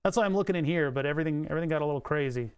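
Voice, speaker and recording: A man's voice: on the high side, racing, clear, resonant tone. A man livestreaming electronics work, thinking aloud as he reads code and datasheets, swearing and chuckling now and then. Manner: muttering to himself, swearing, chuckling. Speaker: streamer. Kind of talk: livestream electronics and coding commentary.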